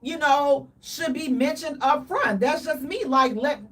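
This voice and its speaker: A woman co-hosting a casual radio talk show, animated and dramatic, with playful exaggeration. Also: sits high, unhurried, recorded from a distance.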